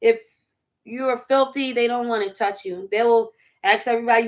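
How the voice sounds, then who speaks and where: High-voiced woman. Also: moderate pace. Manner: animated, laughs often, riffs in bits and asides. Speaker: vlog host. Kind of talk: casual chat while eating dinner.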